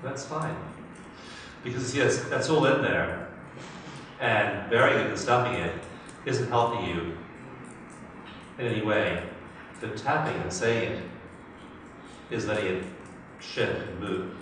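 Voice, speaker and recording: Directive male coach, low, echoey room. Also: takes it slowly, long pauses. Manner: directive, coaching, prompts phrases to repeat. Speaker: EFT practitioner. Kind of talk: guiding a tapping session. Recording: echoey room, distant mic, noise.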